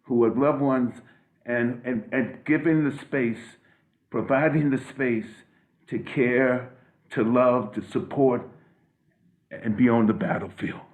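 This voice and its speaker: An older man on a video call giving an emotional tribute, halting and restarting often. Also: mid-range voice, fairly even intonation. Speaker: guest speaker. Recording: phone-like audio.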